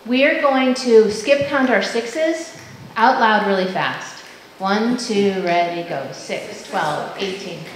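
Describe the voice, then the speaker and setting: A woman presenting a parent education workshop, leading the audience in lively counting and chanting drills between explanations. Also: on the high side, slow pace, crowd noise. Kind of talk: parent education talk with group exercises. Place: large school hall with an audience. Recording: echoey hall with background noise.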